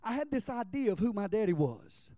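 A middle-aged man preaching a sermon, telling stories with emphasis and dropping quiet for personal memories. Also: sits high, sing-song, brisk, no room sound.

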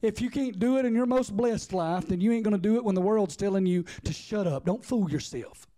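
Male preacher, high and mellow, fiery repetitive delivery. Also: brisk. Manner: impassioned, rhythmic repetition, Southern US dialect. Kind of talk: sermon.

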